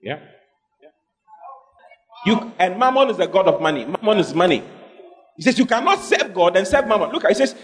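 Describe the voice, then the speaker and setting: A man preaching a lively sermon as pastor to a congregation, acting out scenes and questioning listeners directly. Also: high voice, normal speed, long pauses. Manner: animated preaching, acting out God in a dramatic skit. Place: church hall with congregation.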